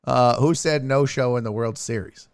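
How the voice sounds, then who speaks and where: A man's voice: mid-range voice, moderate pace, clean tone, dry recording, studio quality. A man hosting a live sports stream, ranting and laughing his way through tweets in casual, profane chat. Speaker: streaming sports show host.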